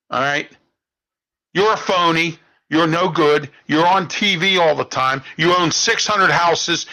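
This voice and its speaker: With a little high, bright, forceful voice, this talk show host from around Pittsburgh launches into an indignant political monologue. He rants and tacks "okay?" and "all right?" onto his phrases, and the recording quality is low.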